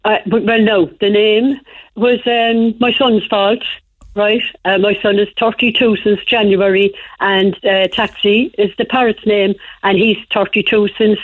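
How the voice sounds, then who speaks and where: Calling in to a radio programme, a woman from Ireland tells a chatty, meandering story in a mid-range voice, her delivery flat and a little slow. There's no room sound, though the phone line is muffled.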